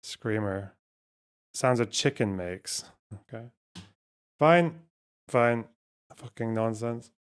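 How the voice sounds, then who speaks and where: A man's voice: mid-range voice, animated, slow pace, pauses often, clean tone. A man streaming live, thinking aloud as he plays a word puzzle, swearing often and talking to his chat. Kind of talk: casual live-stream talk while playing a word puzzle.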